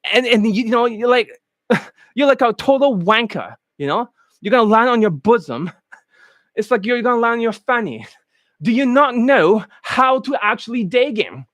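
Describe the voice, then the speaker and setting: A man's voice: very high voice, animated, normal speed, fairly bright tone, no room sound. A man ranting as a dating coach, blunt, profane and mocking.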